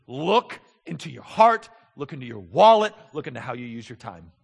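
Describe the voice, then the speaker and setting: A man in his thirties preaching a sermon as pastor, moving between soft, intimate talk and loud, emphatic passages. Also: mid-range voice, big pitch swings, moderate pace, vocal fry, husky, big-room sound.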